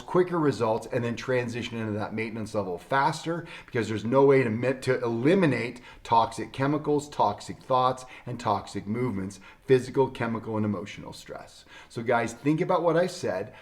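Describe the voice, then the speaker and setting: Folksy man chiropractor talking to camera. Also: medium pitch. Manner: folksy, storytelling, emphatic. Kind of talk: casual talk to camera.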